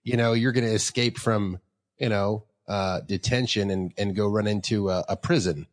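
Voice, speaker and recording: Host: man with a lowish voice, chatty, quick with jokes. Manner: joking, chatty, talks over the guest. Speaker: interview host, fellow veteran. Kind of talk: casual chat.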